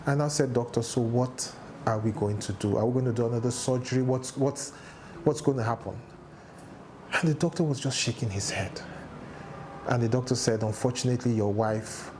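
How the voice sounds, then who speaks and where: A man, a guest on a talk show, recounting a personal loss in halting, emotional testimony, his voice rising and breaking with distress. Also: mid-range voice, darkish tone, a little hiss or hum. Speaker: interview guest.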